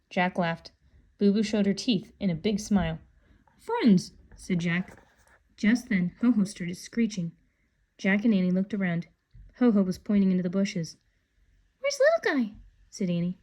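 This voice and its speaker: A woman reads a children's story aloud in a calm, unhurried way. Her narration is steady and clear, at an everyday middle pitch. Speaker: storybook reader. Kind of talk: reading a children's book aloud.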